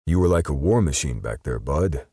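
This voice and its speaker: A man voicing a calm steady assassin partner. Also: very deep voice, moderate pace, breathy edge, dry recording, studio quality, exaggerated voice. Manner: calm, questioning, murmured.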